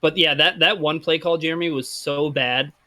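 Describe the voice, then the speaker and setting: A man co-hosting a sports podcast, with a bright, forward tone and a slightly high voice. He talks in a deadpan way, full of "like" fillers. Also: normal speed. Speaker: podcast co-host. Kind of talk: casual sports podcast chat.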